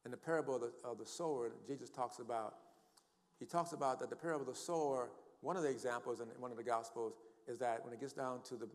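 An older man preaching a sermon in a church, quoting scripture emphatically and calling for responses from the congregation. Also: mid-range voice. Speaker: pastor. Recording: long hall reverb.

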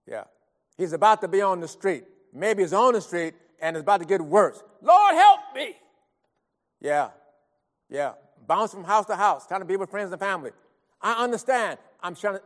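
A high-pitched man preaching with earnest, pleading fervor, dropping soft and then crying out loud. His voice hangs in a long hall reverb. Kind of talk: sermon.

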